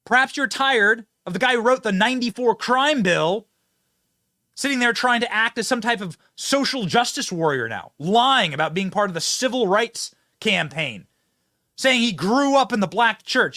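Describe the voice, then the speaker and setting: Male commentator, mocking and sarcastic, bright tone, very animated delivery, dry sound. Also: very high-pitched, moderate pace, no room sound. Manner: mocking, sarcastic, laughs often. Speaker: political show host. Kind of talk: opinionated political commentary.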